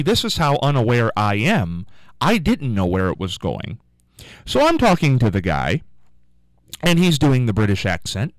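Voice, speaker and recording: A male radio host spins a long, self-deprecating story in a chatty, rambling way, his pitch swinging widely from line to line. His voice is smooth and resonant. It sounds dry and close, straight off a studio microphone. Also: dry recording. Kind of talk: casual on-air storytelling.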